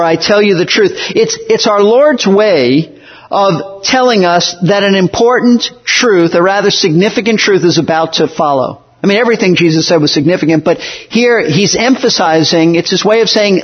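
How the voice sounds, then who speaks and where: Guy preaching, kinda high husky voice, earnest and measured, muffled lo-fi sound. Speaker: pastor. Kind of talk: sermon.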